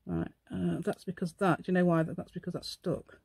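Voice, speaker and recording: A woman's voice: fairly low pitch, little pitch movement, brisk, vocal fry, darkish tone, breathy edge, no echo. A woman hosting a casual crafting tutorial at her craft table at home, thinking aloud and asking the viewer questions as she works. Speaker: craft channel host.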